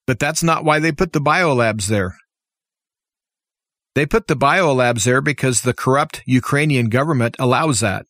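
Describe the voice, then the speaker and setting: An American talk show host delivers a passionate, opinionated political monologue packed with rhetorical questions. His voice is mid-range and slightly bright, at a moderate pace, recorded dry with clean studio sound.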